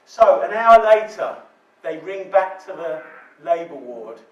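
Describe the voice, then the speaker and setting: A man's voice: fairly high pitch, big pitch swings, a little slow, muffled recording. A male midwife telling a candid, joking story to a live audience. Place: hall with audience. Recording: echoey hall, distant mic, audience. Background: audience laughter.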